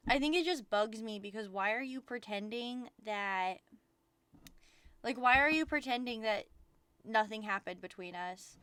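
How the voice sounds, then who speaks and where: A woman's voice: a little high, a little slow, fairly bright tone, clear, resonant tone, no room sound. Profane venting young woman streamer. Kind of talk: casual chat stream.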